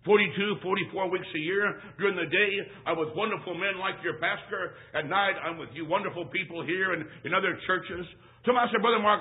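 A man preaching as a traveling evangelist at a church service, telling a humorous personal story, swinging between shouts and hushed asides. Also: high-pitched, brisk, few pauses. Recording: tinny lo-fi phone-like recording.

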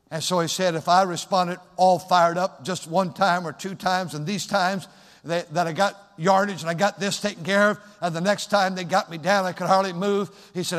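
A man preaching a sermon, moving from quiet storytelling to loud, shouted exhortation. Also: sits high. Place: church sanctuary. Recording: long hall reverb.

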